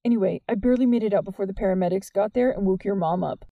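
A woman reading the part of an earnest, worried teenage boy who talks softly and sincerely in an audiobook. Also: medium pitch, racing, vocal fry, no echo, narrow, tinny audio, lightly acted. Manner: soft, plain and sincere.

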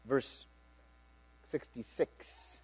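A middle-aged man preaching, reading scripture with rising emphasis and dropping to quiet asides. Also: very slow. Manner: earnest, reads aloud with rising emphasis then drops to quiet asides. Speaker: pastor.

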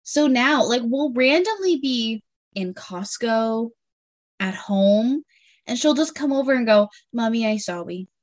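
Animated mom telling stories, dry close sound. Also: female voice, a little high, takes it slowly, dry recording. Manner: animated storytelling, acts out her kids' voices. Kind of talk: casual chat.

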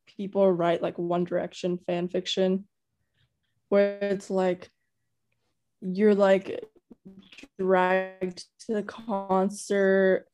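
Young woman, podcast co-host, mellow tone, rambling filler-heavy chat. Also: mid-range voice, level tone, extremely slow, long pauses, soft background music. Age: young adult. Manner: rambling and gushing, heavy use of "like". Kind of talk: casual chat.

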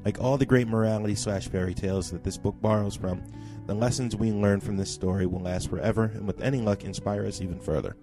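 A man co-hosting a podcast, reading a listener's email aloud with expressive emphasis, then chatting casually. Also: fairly low pitch, fast, hardly any pauses, music in the background. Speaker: podcast co-host.

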